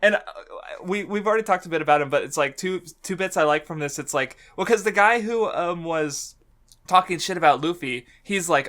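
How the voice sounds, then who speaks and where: A man's voice: on the high side, fairly quick, bright, forceful tone. A man co-hosting a podcast in casual chat, rambling with fillers, laughing often and swearing freely. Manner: rambling with many fillers and restarts. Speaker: podcast co-host.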